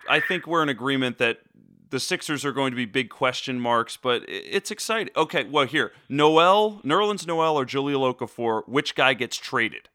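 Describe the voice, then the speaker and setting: A man chatting casually about basketball, wandering through his points with plenty of "you know." His voice is bright and forward. The recording is dry and close. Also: mid-range voice, lively intonation, normal speed, no room sound. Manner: rambling, lots of "you know" fillers. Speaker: basketball talk co-host. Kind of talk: casual sports chat.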